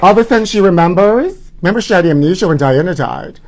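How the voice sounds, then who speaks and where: A man's voice: high-pitched, animated, fast, darkish tone, faint music behind. Sassy, dramatic man hosting live gossip. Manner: dramatic, sassy, calls viewers honey. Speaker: host. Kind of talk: campy live gossip chat.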